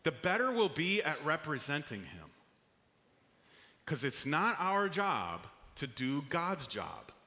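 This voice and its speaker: A man's voice: fairly high pitch, wildly swooping pitch, takes it slowly, pushed and bright, big-room sound. A man preaching a sermon as a pastor, in an earnest, conversational way with small restarts, in a church auditorium.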